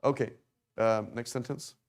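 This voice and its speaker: A man's voice: medium pitch, steady tone, a little slow. A man teaching an informal Arabic class, talking conversationally and tossing rhetorical questions at his students.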